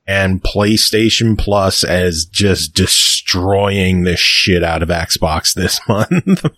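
A man with a fairly low voice keeps the chat loose and easygoing. He walks through the week's gaming news like a regular podcast co-host. The recording is dry and close. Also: drawn-out words, dry recording. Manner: relaxed, reads out gaming news. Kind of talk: casual chat.

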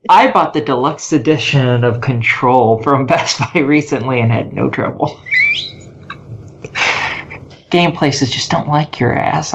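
A woman's voice: extremely low pitch, slight background noise. A woman guesting on a podcast, playful, teasing and confident in casual chat.

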